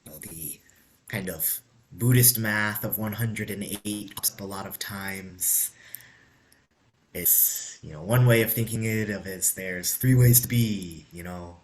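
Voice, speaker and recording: A man leading a New Year meditation practice, speaking softly and conversationally, often sinking into a whisper. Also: on the low side. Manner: soft-spoken, slow, drifting into whispers; conversational, says "you know" and "right?". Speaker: meditation leader. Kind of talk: guided meditation talk.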